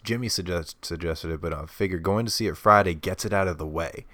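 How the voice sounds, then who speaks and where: A young man from New talks in a casual, profane way, with a lowish voice. He jokes, swears freely and gets loud and laughing when he's riled up. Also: fairly quick. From New York. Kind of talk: casual chat.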